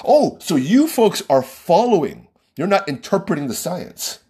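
A man's voice: high-pitched, big pitch swings, a little slow, dark tone, husky. A man talking as a podcast host in an exasperated, argumentative rant that keeps repeating itself. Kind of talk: ranting monologue.

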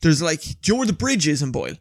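Irish man, podcast co-host, high gravelly voice, swears a lot, casual chat. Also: rapid-fire, no echo. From Ireland. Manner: animated storyteller, swears freely.

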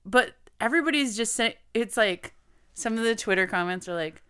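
A woman's voice: on the high side, lively intonation, normal speed, fairly bright tone, smooth. A woman co-hosting a podcast, easygoing and chatting casually. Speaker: podcast co-host. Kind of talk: casual chat.

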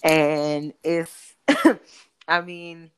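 A woman's voice: extremely slow, clear, resonant tone. A woman in casual chat, expressively retelling a conversation and lifting her voice when she quotes others. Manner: expressive retelling, rises in pitch quoting others.

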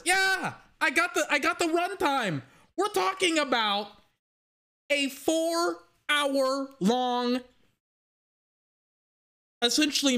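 A young man hosting a casual solo podcast, rambling excitedly and swearing casually. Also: extremely high pitch. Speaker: podcast host.

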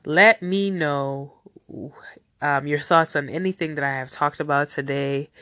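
A woman's voice: low voice, fairly bright tone, no room sound, clean studio sound. A woman with a nasal, stuffy voice, hosting a casual solo news podcast in a rambling, chatty way with many fillers. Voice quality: nasal from a cold. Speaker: podcast host.

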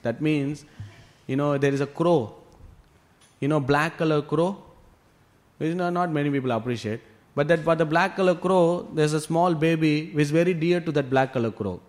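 Male scripture teacher, fairly high voice, lively storyteller with loose fillers. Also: normal speed. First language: Tamil. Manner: animated retelling with frequent "you know" fillers. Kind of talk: devotional storytelling class.

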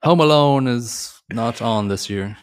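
A man's voice: medium pitch, measured pace. A man co-hosting a movie podcast, chatting in a rambling, jokey way that keeps correcting itself. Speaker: podcast co-host. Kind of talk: casual movie podcast chat.

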